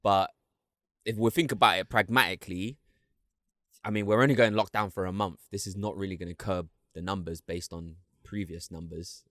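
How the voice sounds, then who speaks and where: A man's voice: sits low, fairly even intonation, moderate pace, fairly bright tone, no echo, clean studio sound. A young man co-hosting a podcast over a video call, chatting casually and joking, full of slang and restarts. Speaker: podcast co-host. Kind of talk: casual chat.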